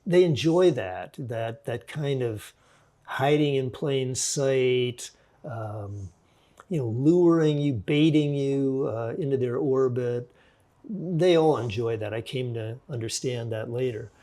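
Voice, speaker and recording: A man in his sixties, an author and forensic psychologist, telling a story in a measured, reflective way with frequent restarts during a podcast interview. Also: medium pitch, mellow.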